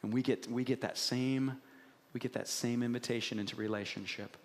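A man's voice: mid-range voice, a little fast, slight background noise. Preacher man in a reverberant hall. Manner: asks the congregation questions, animated storytelling. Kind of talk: sermon. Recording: long reverb of a large hall.

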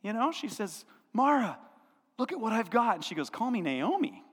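High-voiced pastor preaching in a hall. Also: male voice, normal speed, husky. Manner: animated storytelling, acting out biblical characters' lines. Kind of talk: sermon. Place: church sanctuary.

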